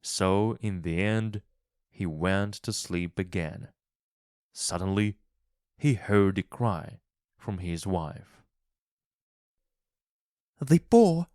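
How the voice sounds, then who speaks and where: A man slowly reading a graded English story aloud, clearly enunciating each phrase. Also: low voice, no echo, clean studio sound. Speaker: narrator of a graded English reader. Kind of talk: slow, expressive storybook reading.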